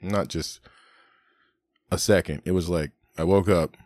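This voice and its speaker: A man's voice: low-pitched, fairly even intonation, measured pace, a little mellow, no echo. A middle-aged man on a podcast, casually telling rambling stories full of swearing and laughter. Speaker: podcast host. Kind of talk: casual storytelling chat.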